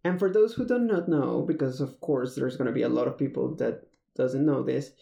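Casual storyteller; dark, gravelly tone, loose and rambling, recorded in an echoey room. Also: medium pitch, moderate pace. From Mexico. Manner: rambling, many fillers and restarts. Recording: roomy echo.

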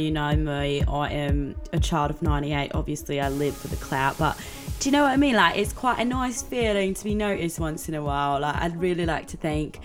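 A 22-year-old woman with an Australian accent hosting her own podcast, talking in a chaotic, excitable way, swearing freely and slipping into silly voices. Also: sits low. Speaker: podcast host and comedian. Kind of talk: casual chat.

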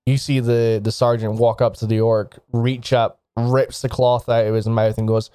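Mellow-voiced man narrating a tabletop game. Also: mid-range voice, flat delivery, normal speed, hardly any pauses, smooth, no room sound, studio quality. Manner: descriptive second-person narration. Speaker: game master.

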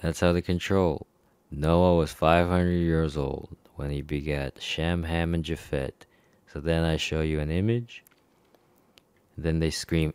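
A man's voice: deep voice, steady tone, a little slow, clean tone, dry recording, clean studio sound. A man in a rambling, profane monologue to camera, chuckling often between remarks. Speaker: vlogger. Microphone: personal microphone.

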